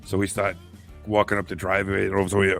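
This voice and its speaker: A man's voice: deep voice, fast talker, gravelly, no room sound, faint music behind. A man co-hosting a podcast, telling a story casually and acting out the quotes. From New England. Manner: animated storyteller, acts out quotes. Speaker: podcast co-host.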